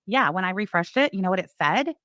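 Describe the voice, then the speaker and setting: Fast-talking bright woman co-host. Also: mid-range voice, expressive, no room sound. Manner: quick, giggly, profane. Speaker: live stream co-host. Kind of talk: casual chat, reading super chats.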